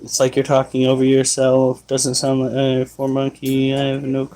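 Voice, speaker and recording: A man hosting a casual pet livestream, loudly scolding his dogs and reading chat comments aloud. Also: mid-range voice, monotone, moderate pace, low-quality recording.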